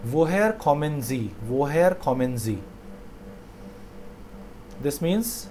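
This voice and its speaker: A man teaching a language lesson, saying each phrase slowly twice and then explaining it. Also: a little high, very animated, mellow, a little hiss or hum.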